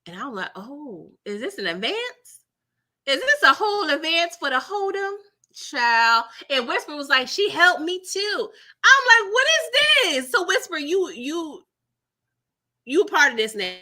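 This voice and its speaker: Bright, lively woman recapping TV. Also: high voice. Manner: animated, dramatic, laughing, slangy asides; mimics characters' lines in quick voices. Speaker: recap channel host. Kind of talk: casual TV recap livestream.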